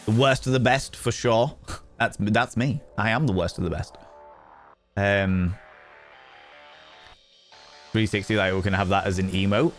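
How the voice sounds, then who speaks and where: A man's voice: lowish voice, steady tone, a little slow, pauses often, faint music behind. A man streaming and chatting casually with viewers, bubbly and swearing, repeating catchphrases.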